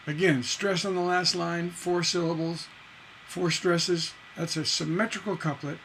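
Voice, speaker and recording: A middle-aged man teaching songwriting on a livestream, emphatic and lively, reciting and half-singing lyric lines as examples. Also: high-pitched, a little slow, creaky, slight background noise, poor audio. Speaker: songwriting instructor.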